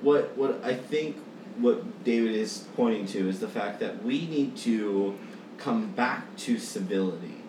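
A man's voice: fairly low pitch, a little slow. Guy talking sincerely, sounds far from the mic, roomy with noise. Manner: sincere, emphatic. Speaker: co-host. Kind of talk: casual chat.

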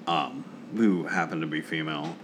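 A man's voice: a bass voice, steady tone, moderate pace, noisy background. A man in casual chat, rambling through stories and laughing often.

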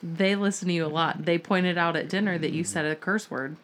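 A woman in her thirties co-hosts a relaxed podcast, telling family stories with lively acted-out quotes. Her voice sits a little low for a woman. Faint noise runs underneath. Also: brisk. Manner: lively storyteller, acts out quotes. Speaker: podcast co-host. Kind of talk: casual chat, storytelling.

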